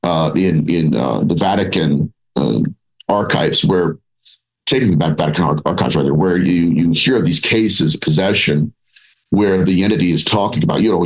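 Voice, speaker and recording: A man speaking as a guest in a podcast interview, animated and rambling with restarts, acting out quoted voices as he talks. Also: low voice, moderate pace, low-quality recording. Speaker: paranormal researcher and author, podcast guest. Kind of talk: conversational interview.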